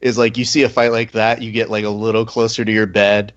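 A man's voice: on the low side, level tone, fairly quick, lo-fi sound. A man co-hosting a podcast in a playful, teasing and theatrical way. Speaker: podcast co-host. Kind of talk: casual chat.

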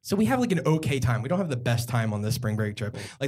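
A man's voice: mid-range voice, very animated, fast, few pauses, a little mellow. A young man from Philadelphia telling a true story on stage at a live comedy podcast, rambling and self-mocking with plenty of fillers.

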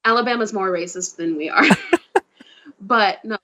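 A young woman, talking as a guest in a relaxed, easygoing chat. Her voice sits at an ordinary middle pitch, and she keeps a playful, talkative manner throughout. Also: normal speed, muffled recording. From Mississippi, USA. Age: 20s. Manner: chatty, playful. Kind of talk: casual chat.

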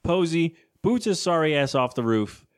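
A man's voice: a little high, animated, moderate pace, clean tone. Man, podcast co-host, casual chat, rambling, jokey, laughs a lot. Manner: rambling, joking, laughs often. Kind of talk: casual chat recapping a cartoon episode.

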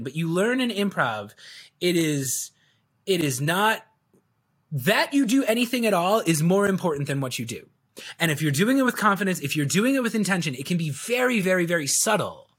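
A man in a relaxed podcast interview, his voice sitting a little high and swinging widely as he acts out little scenes of quoted dialogue. He tells his stories with a playful, chuckling energy. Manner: animated storyteller acting out quoted dialogue. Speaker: sales video coach, guest.

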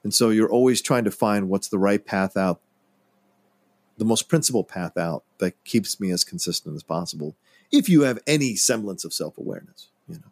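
A podcast co-host who speaks in an earnest, reflective way. His voice sits fairly low, and the sound is dry and close. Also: animated, brisk, no echo. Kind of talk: casual film discussion.

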